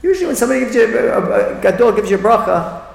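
Middle-aged man, high gravelly voice, animated storyteller, reverberant hall. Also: racing. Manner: animated, repeats phrases, acts out quoted voices. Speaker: speaker at a religious talk. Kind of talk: inspirational talk with storytelling. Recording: echoey hall with long reverb.

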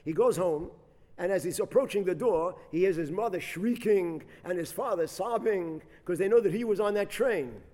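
A man preaching as a rabbi, telling a story with dramatic swings between loud bursts and soft, quiet reflection. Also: sits high, normal speed. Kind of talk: sermon storytelling. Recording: long hall reverb.

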